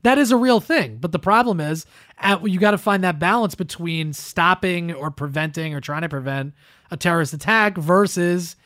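A man with a fairly high voice argues his point in a casual, animated way, breaking into little quoted asides as he goes. He is recorded close and dry, with no room sound around him. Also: moderate pace, no room sound. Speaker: podcast co-host. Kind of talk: casual political chat.

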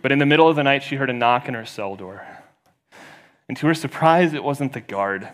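Pastor guy preaching, storytelling, voice climbs loud when it gets dramatic. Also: a little fast. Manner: storytelling, rising loud and high for quoted voices. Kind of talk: sermon.

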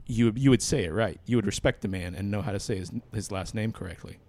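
A man's voice: on the low side, quick pace, a little mellow. A man co-hosting a podcast in casual chat, laid-back, sometimes arguing his points in a mock-formal way. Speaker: podcast co-host.

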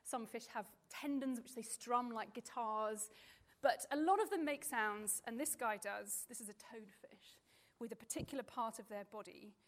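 Woman, marine biologist, fairly high voice, chatty, playful, lots of ums, live talk to families. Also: moderate pace. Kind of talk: lively presentation to a live audience with children. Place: stage in front of an audience.

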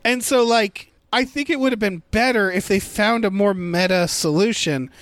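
A man's voice: sits high, normal speed, fairly bright tone, dry recording. A man in a casual movie review chat, rambling and thinking aloud as he picks apart a plot.

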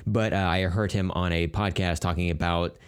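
A man with a very low voice co-hosting a podcast. He talks in a loose, rambling way with casual swearing, telling stories as he goes. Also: steady tone, normal speed, smooth. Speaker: podcast co-host. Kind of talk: casual chat.

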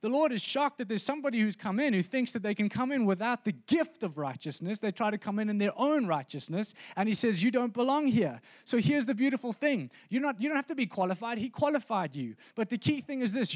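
A high-voiced man delivers a sermon to his congregation. He preaches in an earnest, conversational way, often circling back to restart a thought. The recording is dry and close, with no room sound. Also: no room sound. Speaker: pastor.

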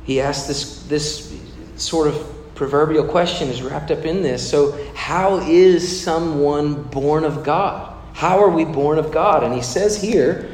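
A man's voice: a little high, takes it slowly, a little mellow. Preaching man in an echoey hall. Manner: conversational preaching, asks the congregation questions. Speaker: pastor. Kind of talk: sermon. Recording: echoey hall with long reverb, faint room noise.

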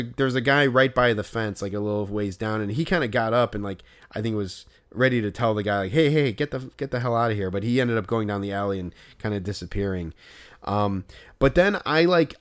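Smooth-voiced man telling a rambling story. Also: mid-range voice. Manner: animated retelling with loud acted-out quotes and filler "like". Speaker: podcast co-host. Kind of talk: casual storytelling chat.

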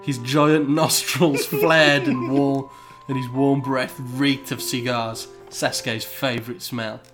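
A man's voice: medium pitch, little pitch movement, slow pace, a bit bright, faint music behind. A man reading fan fiction aloud in a mock-serious comic tone, often breaking into laughter. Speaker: reader.

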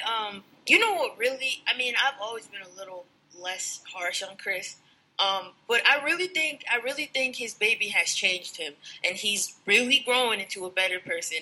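A woman's voice: medium pitch, sharp tone, husky, low-quality recording. A woman co-hosting a casual chat, telling a story and acting out the quotes. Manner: chatty storyteller, acts out quotes, many fillers.

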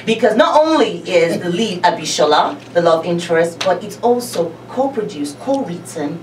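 Playful host from Britain, lowish voice, heard from far off in an echoey noisy room. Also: female voice, moderate pace. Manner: lively, teasing, laughs often. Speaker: radio show host. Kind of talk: radio interview. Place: radio studio. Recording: roomy distant mic with noise.

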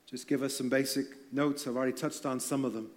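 A man's voice: mid-range voice, steady tone, quick pace. A man preaching an earnest sermon to church leaders, emphatic and with light self-deprecating humor.

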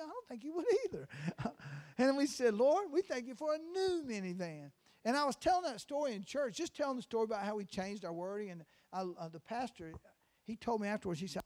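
A man's voice: sits high, creaky. A man preaching in a small church, telling folksy stories with stammering restarts, then praying fervently. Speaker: guest preacher. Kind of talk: sermon.

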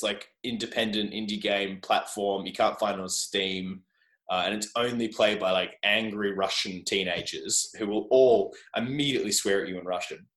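A man's voice: lowish voice, a bit bright. An Australian man chatting as a podcast guest, rambling and self-deprecating. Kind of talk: casual interview chat. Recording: roomy echo.

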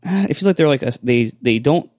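A man's voice: fairly high pitch, lively intonation, fairly quick, darkish tone, no room sound, studio quality. A man co-hosting a podcast in casual chat, often hesitating and restarting his sentences. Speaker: podcast co-host.

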